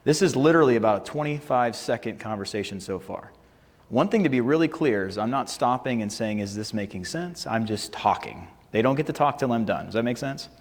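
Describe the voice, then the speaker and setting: A man gives a negotiation seminar in a loose, joking style and keeps checking in with "right?" His voice sits at an ordinary mid pitch. The sound carries a long hall reverb. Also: a little fast. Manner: casual, joking, lively, rhetorical "right?" check-ins. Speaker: sales and negotiation trainer. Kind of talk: live seminar presentation with slides.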